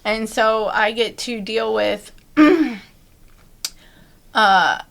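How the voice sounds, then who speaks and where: A woman's voice: a little high, level tone, drawn-out words, creaky, a bit bright. A woman guest in an interview, talking frankly and bluntly about her life and work, laughing easily between thoughts. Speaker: podcast guest. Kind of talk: candid interview talk.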